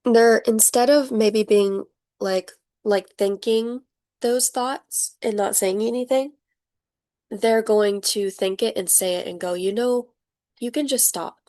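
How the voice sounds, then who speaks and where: A young woman giving a casual tarot reading, chatty and animated, laughing often and acting out the people she describes. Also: mid-range voice, slow pace. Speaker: tarot reader.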